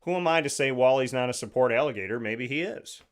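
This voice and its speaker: A man's voice: mid-range voice, animated, fast talker. Male show host, casual monologue, digressive and jokey, mid-range voice, studio mic. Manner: rambling, digressive, jokey storytelling. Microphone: studio microphone.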